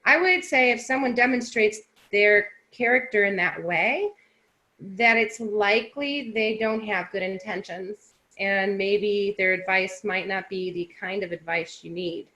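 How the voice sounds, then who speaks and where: A woman co-hosting a casual discussion, talking in a lively, chatty way with a sarcastic edge. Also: medium pitch, a little slow.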